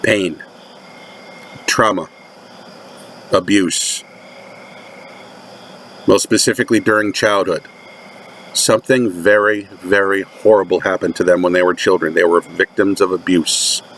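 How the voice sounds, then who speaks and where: A man with a lowish voice preaches in a slow, deliberate cadence. He drives his points home through emphatic repetition. Faint noise and outdoor night sounds hum softly behind him. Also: steady tone. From United States. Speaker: religious commentator. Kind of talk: sermon-like monologue.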